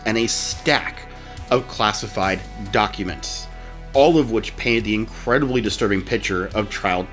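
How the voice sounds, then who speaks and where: A man's voice: lowish voice, a bit bright. A man hosting a podcast, reading a story aloud in a casual way and stopping often to laugh. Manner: reads a story aloud, laughs often, tries put-on narrator voices. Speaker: podcast host.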